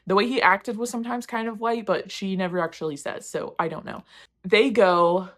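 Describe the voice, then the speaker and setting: A woman's voice: mid-range voice, steady tone, moderate pace. Candid, rambling woman book reviewer. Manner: candid, rambling, self-deprecating, swears casually. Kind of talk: casual book wrap-up chat.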